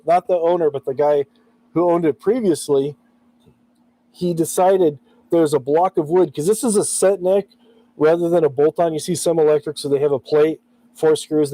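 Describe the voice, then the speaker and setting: A man's voice: fairly high pitch, mellow, low-quality recording. A man chatting casually on a live stream about guitar repair, laughing often and reading out chat messages.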